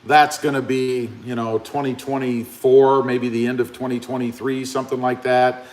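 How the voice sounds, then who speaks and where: A man's voice: medium pitch, flat delivery, normal speed, a little mellow. A man hosting a casual live stream, chatting and reading viewer comments aloud.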